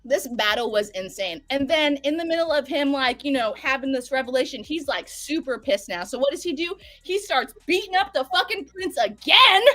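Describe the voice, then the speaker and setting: A woman recapping a show in casual, profane, animated storytelling. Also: high-pitched, normal speed, few pauses, no echo, faint music behind. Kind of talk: casual chat.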